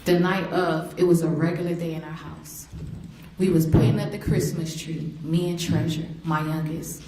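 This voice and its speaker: A woman's voice: low voice, fairly even intonation, normal speed, mellow. A middle-aged woman, a victim's mother, giving an emotional courtroom impact statement through vivid storytelling. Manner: emotional, vivid storytelling that slips into acted quotes. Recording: echoey courtroom, faint noise.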